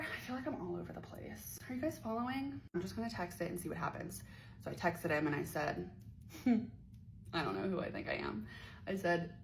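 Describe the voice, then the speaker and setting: A woman's voice: lowish voice, a little fast, slight background noise, low-quality recording. A young woman from the Pittsburgh area telling a personal story in a chatty, profane way, acting out quoted voices. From Pittsburgh area, USA. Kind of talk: casual storytime vlog.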